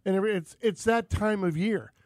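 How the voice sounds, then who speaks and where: A man's voice: high-pitched, fairly quick, darkish tone, no echo. A man from Florida hosting a casual outdoors radio talk show, rambling and folksy as he talks over his co-hosts. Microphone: studio microphone.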